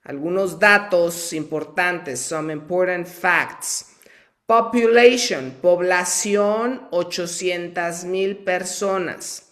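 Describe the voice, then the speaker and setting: Slow-paced man leading Spanish drills. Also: high-pitched, a bit bright. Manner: slow, drawn-out vocabulary drills with call-and-repeat; chatty asides between words. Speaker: Spanish teacher. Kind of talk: live bilingual language lesson.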